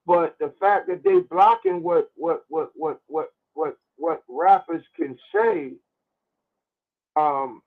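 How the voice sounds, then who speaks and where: A man's voice: high voice, vocal fry. A man calling in to a radio show, talking animatedly and stumbling over repeated words, heard through a phone line. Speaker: caller. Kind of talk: call-in radio commentary.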